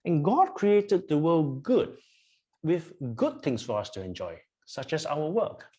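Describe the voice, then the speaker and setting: A preacher delivering a sermon in a slightly husky voice. The pitch swings widely as points are stressed and repeated, and rhetorical questions are put to the congregation. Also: very animated, a little slow, warm tone. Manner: emphatic, repetitive, asks the congregation questions. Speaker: pastor. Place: church.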